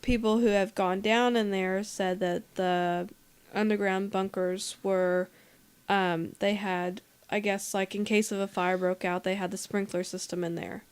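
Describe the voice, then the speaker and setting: Smooth-voiced woman on a casual podcast. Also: mid-range voice. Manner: relaxed, drawn-out telling with fillers like "like" and "um". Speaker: podcast co-host. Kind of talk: casual group podcast chat.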